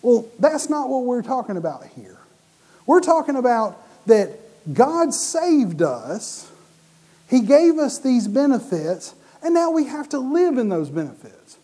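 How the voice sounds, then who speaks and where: A man preaching a sermon, animated and often restarting or repeating his words mid-sentence. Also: extremely high pitch, measured pace.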